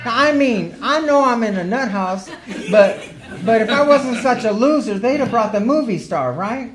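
A woman's voice: fairly high pitch, expressive, normal speed, a crowd in the background. A woman sharing her recovery story as humorous personal storytelling, earthy and wry, laughing as she goes.

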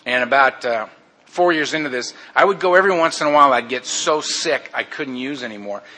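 Man, mid-pitched voice, personal testimony, blunt, candid, casual storytelling. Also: brisk, pushed and bright. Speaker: speaker telling his recovery story.

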